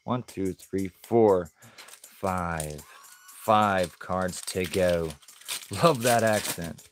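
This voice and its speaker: A man's voice: sits low, very slow, a little hiss or hum. A man chatting casually on a live stream as he opens card packs, easygoing and laughing often.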